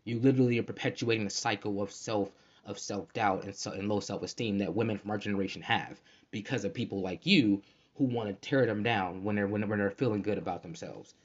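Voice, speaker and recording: A man with a lowish voice rants on his solo podcast at a rapid clip, heavy on slang, swearing and filler words. The sound is dull and lo-fi, like a cheap home mic. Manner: fired-up, profane, streetwise slang with many fillers. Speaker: podcast host. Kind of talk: casual solo podcast rant. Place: bedroom at night, roommate asleep.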